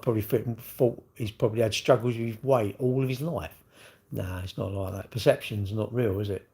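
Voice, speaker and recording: A man's voice: mid-range voice, gravelly, darkish tone. A man, rambling in casual livestream chat and answering viewers' comments with lots of tag questions. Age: 60s. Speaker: livestream host.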